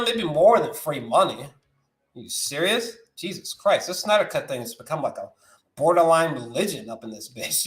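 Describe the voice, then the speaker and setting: Excitable, profane young man in an echoey room. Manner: excitable, profane, slangy, voice jumping high when worked up. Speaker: movie news host. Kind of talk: animated live-stream rant.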